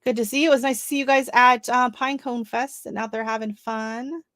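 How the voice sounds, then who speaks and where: Chatting with viewers on her casual gardening livestream, a woman not from Canada reads seed listings out loud and reacts. Her voice is a little high, a bit bright and a little fast, with fairly even intonation, in a dry, clean studio recording.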